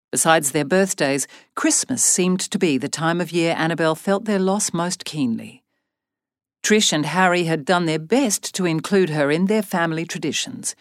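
A woman's voice: deep voice, no echo, clean studio sound. A woman reading an audiobook novel aloud in a scripted narration style, lightly voicing the characters. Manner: expressive, voices characters lightly.

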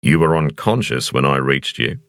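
A man as a calm, authoritative hero with a very deep voice. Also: normal speed, no room sound, exaggerated voice. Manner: calm and gentle. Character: calm, authoritative male jogger who takes charge.

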